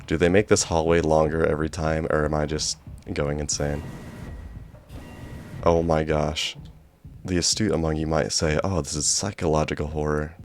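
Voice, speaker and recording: A man's voice: rumbling low, flat delivery, normal speed, long pauses, a little mellow, slight background noise. A man giving jokey, sarcastic let's play commentary as a gaming YouTuber.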